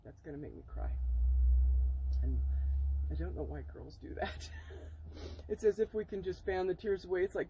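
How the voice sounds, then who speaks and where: A woman talking earnestly to the camera in a spiritual vlog from inside her camper, often halting and emotional. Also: fairly low pitch, sing-song, warm tone, a little hiss or hum, rough recording. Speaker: spiritual vlogger. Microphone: camera mic.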